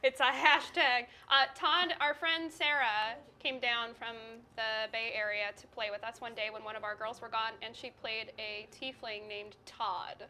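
High, bright, giggly woman. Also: fairly even intonation, measured pace, few pauses, slight background noise. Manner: giggly, tells stories with laughs. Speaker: player. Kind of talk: casual chat on a livestream.

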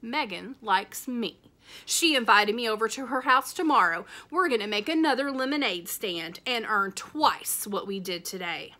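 A woman's voice: a little high, animated, normal speed, pushed and bright. A woman voicing a small, stubborn little sister who talks back smugly. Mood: defiant. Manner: smug, defiant.

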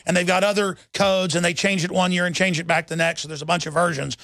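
A man's voice: high-pitched, flat delivery, quick pace, a bit bright, no room sound. A man hosting a talk radio show, delivering an urgent, rambling monologue full of restarts into a studio microphone.

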